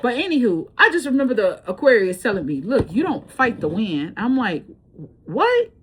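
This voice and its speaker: Woman, fairly high voice, blunt casual storytelling, swears freely. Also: fairly quick, a little hiss or hum. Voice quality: blunt, profane, animated storytelling. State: breathing hard. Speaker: tarot reader.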